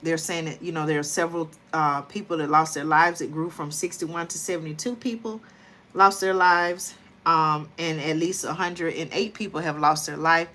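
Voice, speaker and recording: Bright-voiced tired woman livestreaming. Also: low voice, fairly even intonation, moderate pace. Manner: chatty, addresses viewers as y'all. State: tired late at night. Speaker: livestream host. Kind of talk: casual livestream talk.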